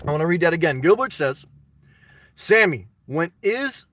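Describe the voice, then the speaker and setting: A man with a high-pitched voice hosts a casual livestream, greeting his viewers by name and drifting into loose, rambling stories. The sound is close and dry, with no room around it. Now and then he bursts out in an excited shout. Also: moderate pace, no echo. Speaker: vlogger reading live chat.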